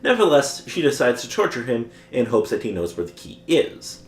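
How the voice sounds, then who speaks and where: A man's voice: medium pitch, big pitch swings, brisk, roomy sound. A man co-hosting a podcast, recapping a show's plot in casual chat and chuckling often as he goes. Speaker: podcast co-host recapping episodes.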